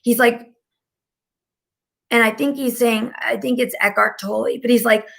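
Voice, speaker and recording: A woman's voice: fairly high pitch, steady tone, measured pace, vocal fry, fairly bright tone. A woman giving a casual, rambling live-stream talk as a spiritual channeler, filling her speech with "like". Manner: chatty and rambling, heavy use of "like".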